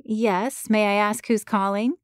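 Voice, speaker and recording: A woman's voice: mid-range voice, fairly even intonation, measured pace, dry recording, studio quality, natural voice. A woman voicing a hopeful young female matchmaker who speaks eagerly.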